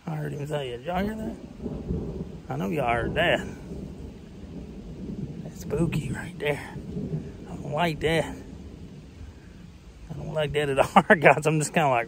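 Southern US man, late 30s, rambling fishing vlog, slightly high voice, loud rain on an action camera. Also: a little slow, vocal fry, long pauses, noisy background. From Tennessee, United States. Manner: chatty, rambling, jokey, laughs nervously. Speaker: fishing vlogger. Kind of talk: casual running commentary to camera. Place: outdoors on a lake in a thunderstorm. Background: heavy rain.

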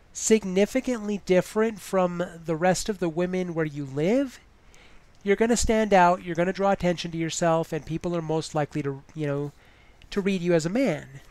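A woman's voice: fairly low pitch, darkish tone, no echo. A woman giving advice in a casual vlog, chatty and full of "you know" fillers.

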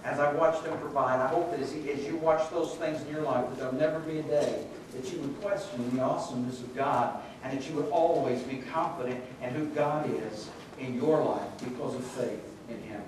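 A man's voice: medium pitch, steady tone, a little fast, hardly any pauses, noisy background. A middle-aged male pastor preaching a sermon, telling the story and acting out the quoted voices. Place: church sanctuary. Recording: echoey hall from far off.

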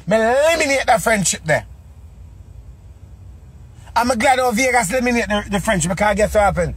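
A man's voice: high-pitched, expressive, a little fast, long pauses, fairly bright tone, husky. A man with a Jamaican Patois accent giving a casual monologue, full of repeated rhetorical questions.

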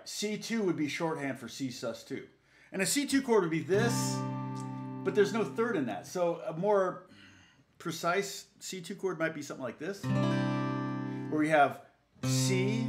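A middle-aged man teaching guitar on a live stream, rambling and chatting with viewers, laughing often and counting out notes. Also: a little high. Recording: echoey room with loud guitar playing.

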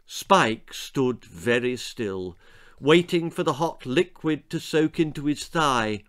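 A man's voice: medium pitch, animated, takes it slowly, fairly bright tone. A man reading his own comic children's horror story aloud in a theatrical, comic manner. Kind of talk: storybook narration.

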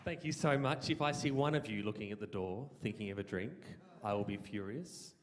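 A comedian with an Australian accent working as an awards MC, talking in mock-stern, dry deadpan patter on stage. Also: male voice, on the low side, fairly quick, slight background noise. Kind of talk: stand-up comedy with a sung comic song. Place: large event hall, on stage. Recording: hall reverb, music behind.

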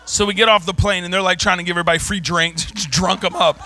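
A man pastor preaching a sermon, telling a personal story in an animated way, often shouting and laughing. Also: high-pitched, quick pace, faint music behind. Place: church.

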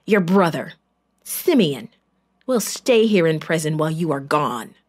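Woman doing a male governor, stern, commanding, deep for her, unhurried, storybook reading. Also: sing-song, darkish tone, heavily acted. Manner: commanding, slow and deliberate. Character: stern powerful male governor testing his brothers.

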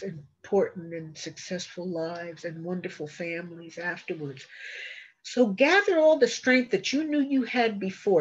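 A woman's voice: lowish voice, darkish tone, husky. An older woman, a retired social worker, giving an earnest, encouraging webinar talk with frequent restarts, heard over a video call. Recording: slightly dull video call audio.

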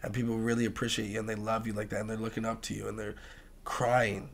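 A young man chatting casually as a podcast guest, swearing freely and swinging from soft talk to loud, laughing bursts. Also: lowish voice, flat delivery, fast talker, creaky, slight background noise. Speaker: guest, music producer and tattoo artist.

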